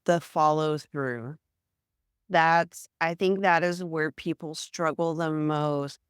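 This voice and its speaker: A woman speaking as a guest therapist in a casual podcast conversation, frank and animated, acting out everyday examples. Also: sits low, slow pace, clear, resonant tone, no echo, studio quality.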